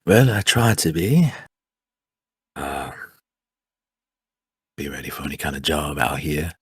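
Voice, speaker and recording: A man's voice: a bass voice, expressive, slow, breathy edge, no echo, studio quality, full character voice. A man voicing an easygoing Louisiana bayou man with a laid-back drawl.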